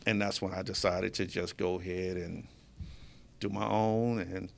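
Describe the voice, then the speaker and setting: A man's voice: low voice, level tone, measured pace, vocal fry. A man being interviewed as a guest in a studio, telling his story casually and with animation, often laughing as he talks. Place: media studio.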